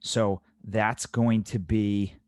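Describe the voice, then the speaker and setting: Low-voiced man coaching restaurant servers. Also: little pitch movement, extremely slow, a little mellow, no echo. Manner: coaching, walks through the math step by step; emphatic, repeats key points. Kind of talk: instructional talk.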